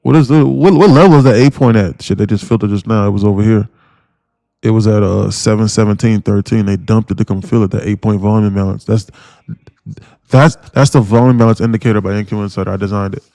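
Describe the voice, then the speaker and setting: A man giving live day-trading commentary on a stream, talking in an animated, emphatic way that keeps repeating and restarting phrases. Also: lowish voice, fast, creaky, no echo, clean studio sound.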